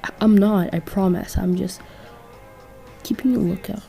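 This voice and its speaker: Sweet apologetic turtle boy, woman doing it, low gravelly voice, soft music behind. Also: steady tone, moderate pace, natural voice. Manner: apologetic, earnest. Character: young male ninja turtle, caring and sheepish.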